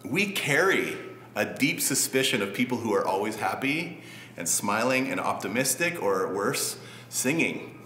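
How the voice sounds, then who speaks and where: A man preaching a sermon in a relaxed, conversational way with light humor. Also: mid-range voice, a little slow, echoey room, slight background noise. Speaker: pastor.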